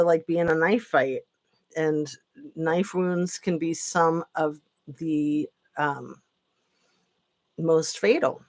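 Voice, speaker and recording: A woman hosting a live stream, rambling and sarcastic with lots of fillers, tired late at night. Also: lowish voice. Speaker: political commentary channel host. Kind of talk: casual live-stream commentary.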